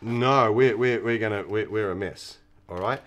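A man's voice: fairly low pitch, normal speed, fairly bright tone. A man teaching the Bible in a casual chat. He laughs often and acts out the voices of the people he quotes.

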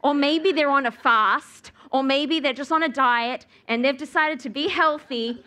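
A woman's voice: sits high, unhurried, sharp tone. A young woman preaching a sermon, telling a personal story and acting out her own reactions. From Australia. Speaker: speaker at church.

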